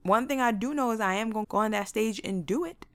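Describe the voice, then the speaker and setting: A young woman casually telling her own stories in a lively, motivational way, laughing often and acting out what she said back then. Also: fairly high pitch, fast talker, no echo, studio quality. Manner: faith-inflected, motivational.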